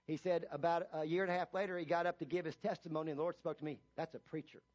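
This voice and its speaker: A man, a pastor, preaching a sermon, retelling a story with many restarts and building to loud emphatic reading of scripture. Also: on the high side, steady tone, very fast, dull audio. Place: church.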